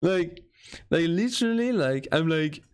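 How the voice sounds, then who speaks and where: A man chatting casually on a live stream while making a game, self-mocking and swinging between low mutters and excited squeals. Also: unhurried, smooth.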